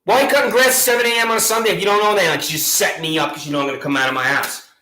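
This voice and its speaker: Angry sarcastic man, bright voice. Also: high voice, steady tone, rapid-fire, echoey room, rough recording. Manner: combative, sarcastic, accusatory. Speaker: video channel host. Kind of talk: angry monologue to camera.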